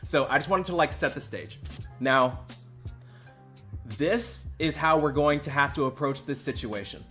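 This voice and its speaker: A man hosting a livestream, mock-emotional, jumping between loud outbursts and hushed mumbling. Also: a little high, measured pace, faint music behind. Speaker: host. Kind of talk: livestream commentary.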